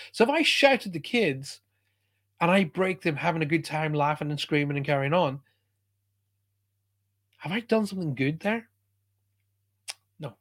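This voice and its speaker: A middle-aged man giving an emphatic motivational talk as a spiritual speaker, often checking in with listeners. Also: fairly high pitch.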